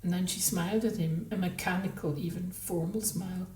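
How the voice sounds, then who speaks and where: A woman reading a novel aloud in measured narration, then commenting on it haltingly as a book podcaster. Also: on the low side, steady tone, a little mellow, far from the mic. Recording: roomy, from the mic.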